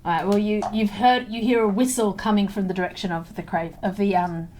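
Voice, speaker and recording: A woman with an Australian accent narrating as game master, unhurried and often laughing. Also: mid-range voice, fairly even intonation, darkish tone.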